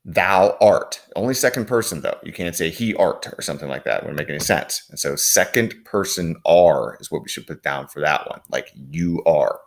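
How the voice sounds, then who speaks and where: A man with a low, deep voice teaches a recorded lesson. He explains step by step at an easy pace, with plenty of "uh" and "um" along the way. Now and then he reads short quoted lines aloud in the same plain voice. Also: expressive, fairly quick, few pauses. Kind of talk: recorded classroom lecture.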